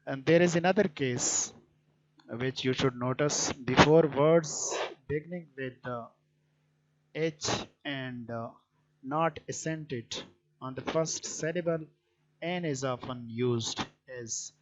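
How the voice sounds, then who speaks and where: A man teaching a grammar lesson, explaining points deliberately with frequent hesitant fillers. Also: medium pitch. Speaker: English teacher. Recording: dull lo-fi recording.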